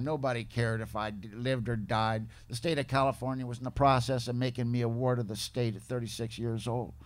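A man at a recovery meeting tells his own story in plain, salty talk. His voice sits at an ordinary middle pitch, and he leans often on "man" and "you know". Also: clear, resonant tone.

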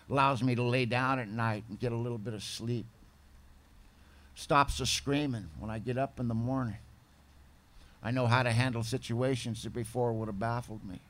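A man with a middle-pitched voice tells his own story in a plain-spoken, confessional way. He speaks as a recovery-meeting speaker, candid and direct. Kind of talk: personal testimony storytelling.

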